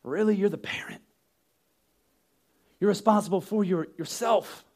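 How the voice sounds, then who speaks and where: A man with a notably high speaking voice delivers a sermon. He is animated, breaks into sudden acted-out shouts, and often repeats words when he restarts a thought. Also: unhurried. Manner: animated, acts out yelling parents with sudden shouts. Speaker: pastor.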